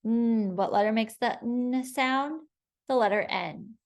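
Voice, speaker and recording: A woman teacher leading a phonics spelling lesson, sounding out each word slowly and clearly for young learners. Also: on the high side. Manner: slow, clear, patient sounding-out of words.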